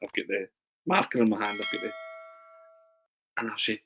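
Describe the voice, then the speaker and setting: A man's fairly low voice comes at a normal pace, with slight background noise on a low-quality recording. He's a journalist and writer guesting in an interview, telling anecdotes animatedly while laughing and restarting his words.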